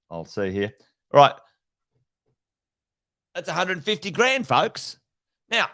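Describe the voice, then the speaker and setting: A man's voice: medium pitch, a bit bright, no room sound. A middle-aged man hosting a live-stream chat about property investing, full of energy, repeating himself and asking rhetorical questions.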